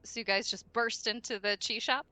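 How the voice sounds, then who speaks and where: A woman narrating a tabletop game as dungeon master, relaxed and full of fillers. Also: fairly high pitch, moderate pace.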